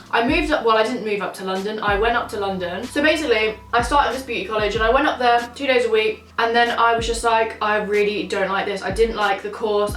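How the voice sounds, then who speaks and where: A woman's voice: on the high side, a bit bright. A young woman vlogger chatting casually and swearing a lot while eating at a table. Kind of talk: casual mukbang chat. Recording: roomy, from a distance, faint music.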